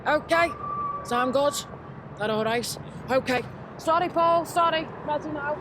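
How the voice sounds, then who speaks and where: A woman's voice: high voice, unhurried. A woman playing a chatty, rambling Liverpool woman with a shopping trolley, who keeps butting in with her own stories during a comedy sketch on a city street. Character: gossipy Scouse woman pushing a shopping trolley. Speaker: comic presenter. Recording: outdoor street with traffic noise.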